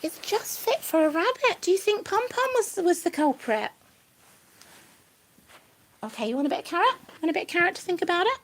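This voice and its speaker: A woman speaks in a very high voice that swoops up and down. She coaxes and praises her pet rabbit in a playful, sing-song way. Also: big pitch swings, a little fast, pauses often. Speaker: pet rabbit owner hosting a live stream. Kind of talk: doting talk to a pet rabbit.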